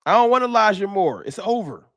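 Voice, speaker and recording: Into a close mic, a man hosts a casual fan talk livestream, arguing his points in an animated, emphatic, slangy way and repeating himself. His voice is high-pitched and a little fast, with no room sound.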